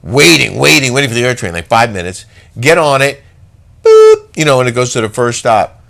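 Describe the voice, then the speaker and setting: Animated middle-aged man telling a story. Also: mid-range voice, quick pace, vocal fry. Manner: animated storyteller, acts out quoted voices and sound effects. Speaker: radio show co-host. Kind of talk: casual storytelling chat.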